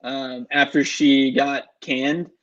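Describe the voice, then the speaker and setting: A young man co-hosting a sports podcast, excitable and rambling, full of "like" and "um". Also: medium pitch, takes it slowly. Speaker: podcast co-host. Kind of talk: casual sports podcast chat. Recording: dull lo-fi mic.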